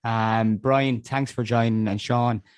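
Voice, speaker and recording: A man hosting a podcast, wrapping up casually with relaxed, halting speech. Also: mid-range voice, smooth. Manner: relaxed, halting with repeated words. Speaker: podcast host. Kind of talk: casual chat.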